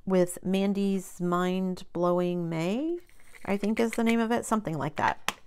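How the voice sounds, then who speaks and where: A woman's voice: medium pitch, unhurried, darkish tone, a little hiss or hum. A woman hosting her own crafting channel, talking in a rambling, chatty way with many ums and self-corrections. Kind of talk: casual chat.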